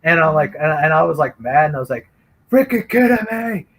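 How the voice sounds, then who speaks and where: A man casually telling a story, animated, acting out the quotes. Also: on the high side, fast talker, vocal fry, poor audio. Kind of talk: casual chat.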